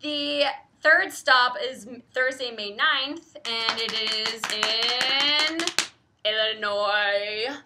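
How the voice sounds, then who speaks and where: A woman's voice: a little high, extremely slow, bright, forceful tone, a little hiss or hum. A young woman from the Midwest co-hosting a casual live book stream, giggling often and reading out viewer comments. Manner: giggly, chatty, reads viewer comments aloud. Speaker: host.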